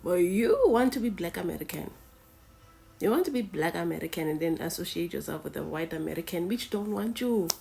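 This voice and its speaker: A woman's voice: on the low side, animated, a little fast, gravelly, dark tone, faint music behind. A woman from Africa giving indignant, lecturing reaction commentary. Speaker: reaction video host.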